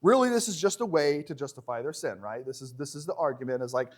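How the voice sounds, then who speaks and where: Animated, higher-voiced male preacher. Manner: animated and joking, slows down when reading scripture. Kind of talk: conversational sermon. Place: church.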